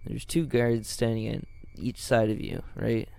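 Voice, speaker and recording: A young man, co-hosting a casual podcast and speaking haltingly with many fillers. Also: fairly low pitch, fairly even intonation, gravelly, dark tone, dry recording. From Illinois, USA. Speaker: podcast co-host.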